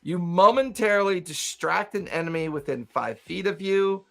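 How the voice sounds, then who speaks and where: A man co-hosting a casual podcast, reading game rules aloud in a relaxed way and laughing easily. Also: sits high, moderate pace, creaky. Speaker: podcast co-host. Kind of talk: casual chat about tabletop games.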